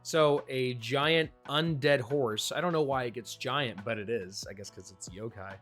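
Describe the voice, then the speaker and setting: A man's voice: mid-range voice, unhurried, fairly bright tone. Chatty man over faint guitar music. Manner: chatty, enthusiastic, with small restarts. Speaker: manga review host. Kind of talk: casual commentary.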